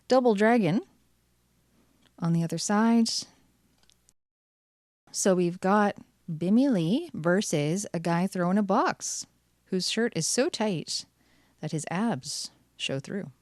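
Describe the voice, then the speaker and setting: A woman's voice: mid-range voice, lively intonation, slow pace, pauses often, darkish tone, no echo, studio quality. A woman hosting her channel, chatting cheerfully through card packs with wry asides. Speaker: channel host. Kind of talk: casual card-opening commentary.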